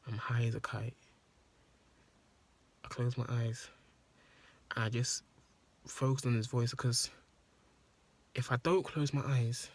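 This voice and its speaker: A man's voice: medium pitch, breathy edge. A man telling an emotional story in a rambling, profane monologue that repeats itself. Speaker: vlogger.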